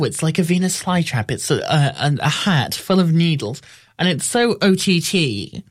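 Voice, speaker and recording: A man giving a casual spoken film review, wry and rambling, often restarting his sentences. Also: on the high side.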